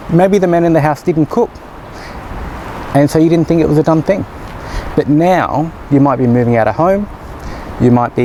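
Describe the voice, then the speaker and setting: Man, cooking show host, casual and encouraging, mellow tone, outdoor grill, faint ambient noise. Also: a little high, low-quality recording. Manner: joking, chatty, encouraging. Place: outdoors by a barbecue.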